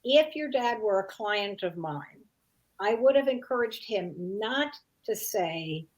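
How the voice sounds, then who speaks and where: A woman's voice: mid-range voice, lively intonation, takes it slowly. A middle-aged woman answering an interview question as an expert guest. She talks in a thoughtful, conversational way, acting out parents' lines as examples and often saying "you know" and "like.".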